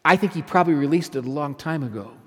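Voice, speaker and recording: A man's voice: a little high, expressive, fast, a bit bright. A male pastor preaching a sermon, emphatic, repeating phrases and putting questions to his listeners. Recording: long hall reverb.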